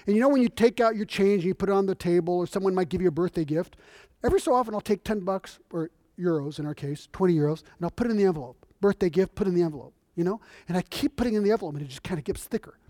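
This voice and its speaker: High-voiced, lively male preacher. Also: rapid-fire, no room sound, clean studio sound. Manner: animated, conversational, storytelling. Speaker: visiting missionary preacher. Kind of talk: sermon. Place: church.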